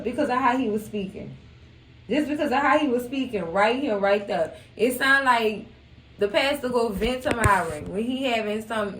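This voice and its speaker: A woman's voice: fairly high pitch, far from the mic. A young woman, chatting casually about a show, acting out quotes and laughing often. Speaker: recap channel host. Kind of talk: casual TV recap chat. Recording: echoey room.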